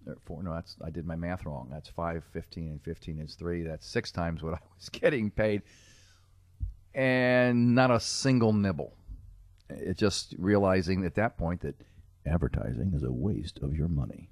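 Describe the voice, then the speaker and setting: A middle-aged man with a notably deep, low-pitched voice talks casually as a podcast guest. He tells his stories with self-mocking humor and laughs often. The recording is close and dry. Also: normal speed, no room sound. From Cincinnati, USA. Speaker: guest, comedic speaker and character performer.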